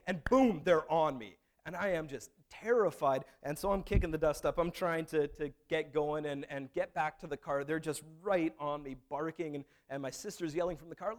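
A man's voice: on the high side, fairly quick. A man preaching a sermon in a conversational, storytelling way, with frequent restarts. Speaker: pastor.

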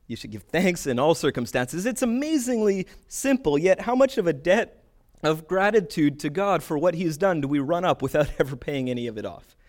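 A man preaching in a relaxed, conversational way. His voice sits at a middle pitch, and he jumps into quick asides, restarts his sentences, and keeps the tone informal and animated. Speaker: pastor. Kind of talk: conversational sermon.

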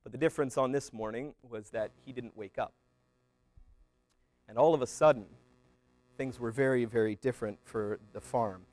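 A man tells a parable as an unhurried story. He rambles and restarts, and he leans on fillers as he goes. His voice sits at an ordinary middle pitch, recorded close and dry. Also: a little mellow, no echo.

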